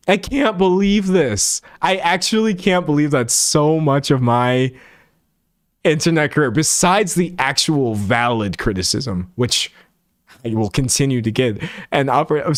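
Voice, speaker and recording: A man's voice: a little high, lively intonation, a little slow, no room sound, studio quality. A man streaming live, chatting casually and reading chat, exasperated and full of restarts, still a little sick. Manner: exasperated, restless, with many restarts and laughs.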